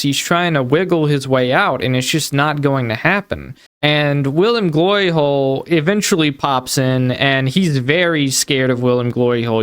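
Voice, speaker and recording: Smooth-voiced commentary host, dry sound. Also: male voice, a little high, a bit bright, no echo. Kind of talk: commentary voice-over.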